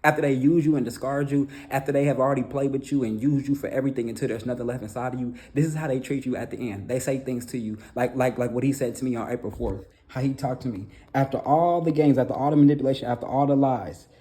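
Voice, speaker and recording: A young man with a mellow, relaxed tone tells his own story in emotional testimony. He stumbles and repeats himself, circling back to the same phrases with pleading insistence. His voice sits at a middle pitch. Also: fast talker, hardly any pauses. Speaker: documentary narrator telling his own story.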